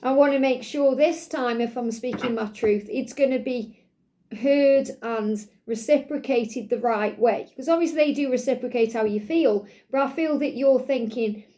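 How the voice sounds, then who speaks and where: A woman's voice: sits high, moderate pace, dark tone. A woman hosting a spiritual love card reading, speaking in an earnest, soothing way to her listener. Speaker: tarot reader and channel host.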